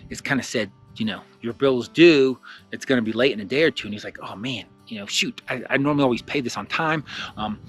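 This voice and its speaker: Animated husky man telling a story. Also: mid-range voice. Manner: animated, acts out quoted lines, frequent fillers. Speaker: spiritual teacher. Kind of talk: casual storytelling lesson.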